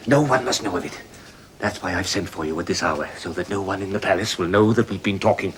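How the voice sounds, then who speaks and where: An actor playing an aging Roman emperor and father in a 1970s television period drama, speaking earnestly and haltingly. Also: low-pitched, crowd noise, lightly acted. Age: older.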